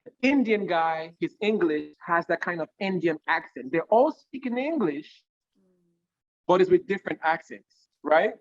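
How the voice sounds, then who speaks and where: Animated man, dull lo-fi audio. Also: high voice, normal speed. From Nigeria. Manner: animated, explains through analogies, keeps checking with "right?". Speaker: guest singer giving career advice. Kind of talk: conversational interview.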